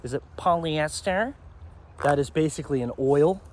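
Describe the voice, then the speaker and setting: A man's voice: fairly high pitch, moderate pace, darkish tone. A man giving a rambling vlog monologue outdoors by a pond, often checking in with "okay?". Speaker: self-help vlogger.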